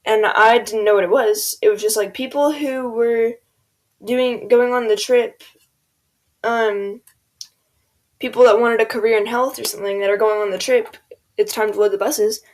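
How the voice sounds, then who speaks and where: A woman's voice: a little high, steady tone, moderate pace. Rambling teenage girl telling a story. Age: teens. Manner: rambling, filler-heavy, quotes people in voices. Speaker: gaming video creator. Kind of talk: casual storytime rambling over gameplay.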